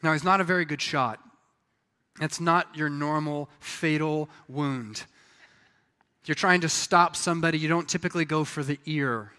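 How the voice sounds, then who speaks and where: Bright-voiced preaching man in a hall. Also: a little high, normal speed, clean tone. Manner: animated storytelling, acting out quoted voices. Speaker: pastor. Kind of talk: sermon.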